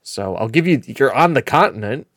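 A man's voice: medium pitch, expressive, moderate pace, fairly bright tone, no room sound, clean studio sound. A man with a New England accent hosting a podcast in casual, rambling chat, laughing at himself. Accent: New England American. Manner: rambling, laughing, self-deprecating.

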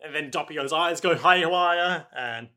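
Bright-voiced joking male podcaster. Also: fairly high pitch, unhurried. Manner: rambling, joking, many fillers. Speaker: podcast co-host. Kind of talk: casual comedic anime recap.

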